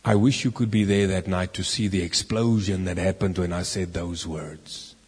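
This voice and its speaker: A man preaching a sermon as an animated story, now and then rising loud for the key lines. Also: sits low, moderate pace, breathy edge. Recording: long reverb in a hall.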